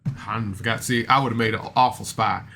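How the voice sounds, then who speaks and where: A man's voice: fairly low pitch, fairly even intonation, normal speed, gravelly, sharp tone, slight background noise. A man recapping a podcast episode in a casual, rambling way, self-deprecating and full of fillers and restarts. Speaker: podcast reviewer.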